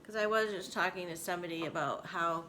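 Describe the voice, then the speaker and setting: A woman in her forties talks openly to the camera at home in a casual vlog. Her voice sits a bit low but sounds bright and crisp, and her manner is candid and emotional. A faint hiss sits behind her. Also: fast talker. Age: 40s. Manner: candid, emotional, laughing often. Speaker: vlogger. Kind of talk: casual personal vlog talk.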